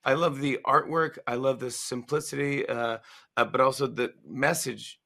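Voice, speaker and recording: Playful man in his forties, guest author, bright lively delivery. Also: medium pitch, normal speed, creaky. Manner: animated, playful, acts out lines. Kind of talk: casual interview chat.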